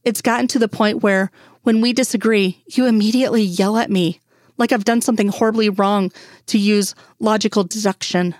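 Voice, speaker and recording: A woman's voice: mid-range voice, steady tone, moderate pace, darkish tone, no echo, studio quality, lightly acted. A woman reading as an exasperated female agent. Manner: exasperated, pleading. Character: exasperated grown woman, sharp FBI doctor.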